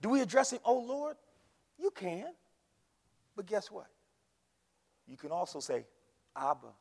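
A man preaching a fiery sermon in a church, leading the congregation in call and response. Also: high-pitched. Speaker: pastor. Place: church sanctuary. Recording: long hall reverb.

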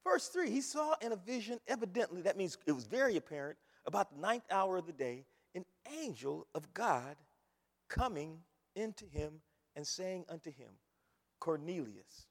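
Male preacher, high lively voice, sermon in a reverberant church. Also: moderate pace. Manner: animated, repeats phrases, rises to shouts. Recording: long hall reverb.

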